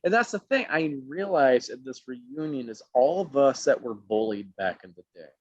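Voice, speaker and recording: This animated Alabama actor, middle-aged, swaps voices to act out the people he quotes while telling stories in a relaxed interview. His voice is mid-range at a moderate pace. The recording has a dull, dry, lo-fi quality.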